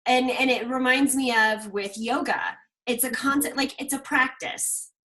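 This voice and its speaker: Reflective woman host, slightly high voice. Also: steady tone, measured pace, bright, forceful tone. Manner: reflective, affirming. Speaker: interview host. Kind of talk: casual interview chat.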